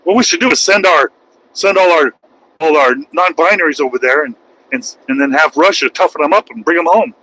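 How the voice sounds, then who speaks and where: Rough recording with a bit of hiss captures a slightly high-voiced American trucker talking fairly quickly. He streams from his truck cab on the highway, rambling, joking, and bursting out loudly now and then.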